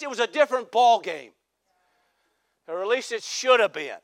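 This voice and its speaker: A male pastor preaching a sermon, peppering his talk with "amen" and "come on" and rising to shouted emphasis. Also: extremely high pitch, very animated, normal speed, pauses often, dry recording, studio quality. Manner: call-and-response exhortations, repeated "amen" and "come on".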